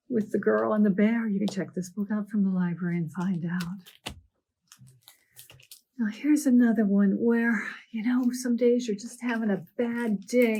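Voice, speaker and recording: A woman librarian doing a storytime read-aloud for children, animated with gasps and playful asides. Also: medium pitch.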